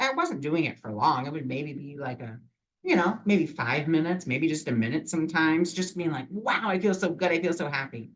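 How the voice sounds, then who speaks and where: A man's voice: fairly high pitch, a bit bright, low-quality recording. A man vlogging casually and encouragingly about imagination, rambling with many fillers. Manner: rambling, full of "you know" fillers; earnest and encouraging. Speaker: vlogger and spiritual reader. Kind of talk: casual motivational talk.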